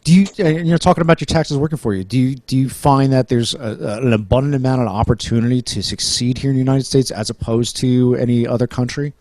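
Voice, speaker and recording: A man's voice: medium pitch, quick pace, hardly any pauses, a little mellow, no room sound. Rambling New Jersey man hosting a chat. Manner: rambling, restarts often, jokey. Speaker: podcast host. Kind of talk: casual interview.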